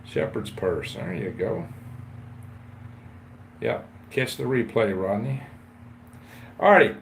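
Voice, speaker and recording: A man in his 50s hosts a casual livestream chat, his lowish, creaky voice sing-song and unhurried over slight background noise. He rambles in a folksy way, greeting viewers and reading the chat aloud.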